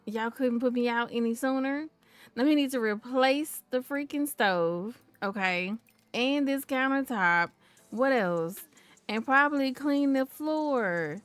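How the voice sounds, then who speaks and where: A woman's voice: high-pitched, slow, clean tone, dry recording, soft background music. Chatty woman narrating her game. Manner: chatty and playful, talks to the viewers and the characters. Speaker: gameplay commentator. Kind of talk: casual life-sim gameplay commentary.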